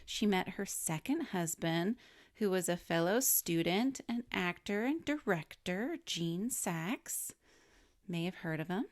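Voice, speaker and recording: A woman's voice: on the low side, animated, slow, dry recording, studio quality. A woman co-hosting a film podcast, reading through a celebrity's life story in casual chat and laughing often. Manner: reads notes on a celebrity's life, chatty and laughing. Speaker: podcast co-host.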